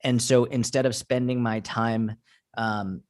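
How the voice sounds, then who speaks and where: A man's voice: medium pitch, steady tone, measured pace, a little mellow, dry recording, clean studio sound. A young man guest talking casually in an interview, telling personal stories with lots of filler words. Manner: casual storytelling, filler-heavy with frequent "like". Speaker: podcast guest, fitness coach.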